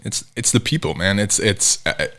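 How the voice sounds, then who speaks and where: A man's voice: on the low side, normal speed. A man in his thirties from New Jersey, a podcast guest telling stories casually and acting out the people he quotes. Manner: animated, acts out quoted voices. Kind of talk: casual storytelling interview.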